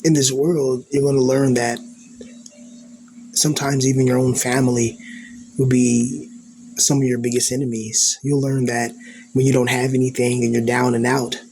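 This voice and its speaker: A man's voice: medium pitch, flat delivery, normal speed, gravelly, darkish tone, slight background noise. Earnest rambling man musing aloud. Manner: rambling, full of "you know" and "like"; earnest and introspective. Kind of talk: reflective personal monologue.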